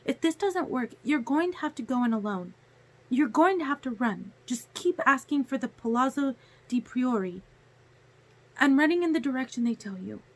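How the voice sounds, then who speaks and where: A woman voicing a fierce young vampire woman who speaks quickly in a low, urgent voice, read from a novel.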